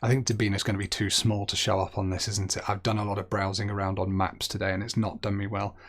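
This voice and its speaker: A fairly low-voiced young man talks through a guessing game as he plays it. He thinks aloud in a loose, chatty way and makes light of his own misses. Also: flat delivery, fast talker, fairly bright tone. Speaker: game streamer. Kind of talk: gaming commentary.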